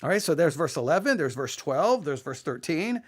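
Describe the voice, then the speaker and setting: A Bible teacher giving an exegetical study, talking in an animated way, acting out quoted lines and often restarting sentences. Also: mid-range voice, normal speed. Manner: animated, acts out quoted speech, frequent restarts.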